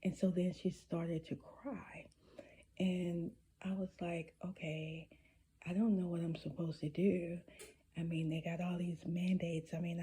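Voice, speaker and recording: A woman telling a personal story in a casual, halting way, with many restarts and some whispered asides. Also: lowish voice, mellow, slightly rough. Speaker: spiritual storyteller.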